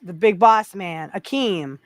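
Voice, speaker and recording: A woman co-hosting a casual wrestling podcast, talking hesitantly with many pauses and restarts. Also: medium pitch, no room sound, clean studio sound. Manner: hesitant, lots of ums and restarts. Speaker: podcast co-host.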